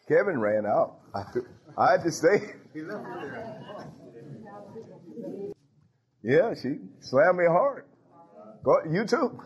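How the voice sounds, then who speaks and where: A man's voice: fairly high pitch, expressive, takes it slowly, long pauses, slightly rough. A man preaching a sermon in a conversational, teasing way, laughing and making asides to the congregation. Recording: dull lo-fi recording.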